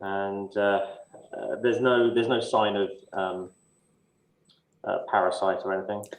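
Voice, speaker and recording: A man playing a ship's doctor in a tabletop game, speaking in a halting way with many fillers. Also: fairly low pitch, fairly even intonation. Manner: halting, filler-heavy speech. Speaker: player. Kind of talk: in-character tabletop role-play. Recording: echoey room.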